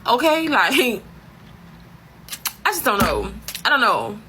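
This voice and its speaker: A woman's voice: on the high side, big pitch swings, slow, bright, forceful tone, slight background noise. A woman telling a comic story as a profane, exasperated rant full of slang. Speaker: comedic storyteller.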